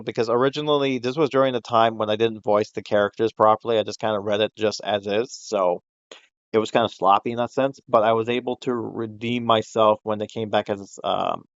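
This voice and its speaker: A man's voice: mid-range voice, dry recording, lo-fi sound. A man hosting a casual podcast chat, rambling and swearing freely, laughing often and acting out quotes. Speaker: podcast host.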